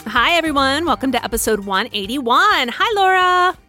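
A woman hosts a podcast in a bubbly, teasing way, her fairly high voice bouncing around a lot. She laughs often as she chats. Soft music plays beneath the opening. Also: animated, normal speed. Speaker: podcast host. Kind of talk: casual chat.

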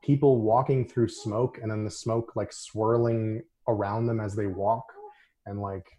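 Low-voiced man in enthusiastic casual chat. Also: flat delivery, measured pace, dark tone. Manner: enthusiastic, laughs often, many fillers. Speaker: podcast co-host.

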